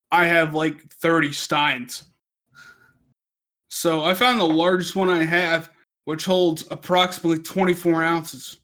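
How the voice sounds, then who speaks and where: A drunk man tells a long, rambling story full of swearing and laughs at his own jokes along the way. His voice sits a bit high and comes out bright and cutting. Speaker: podcast co-host.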